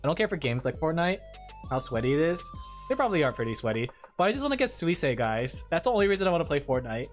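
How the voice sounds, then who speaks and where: A man's voice: fairly high pitch, very animated, quick pace, soft background music. Playful, rambling male streamer. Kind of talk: casual live-stream chat.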